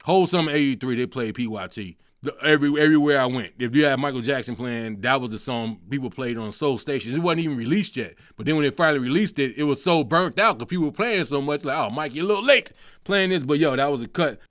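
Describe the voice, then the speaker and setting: A man, hosting a comedic solo talk show, animated and profane, breaking into sung snippets. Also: mid-range voice, quick pace, hardly any pauses, dry recording, clean studio sound. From Chicago. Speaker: host.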